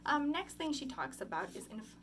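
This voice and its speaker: A woman's voice: high voice, very animated, normal speed, a bit bright, slight background noise. A young woman giving a class oral presentation, talking casually with many ums and likes. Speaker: student presenter.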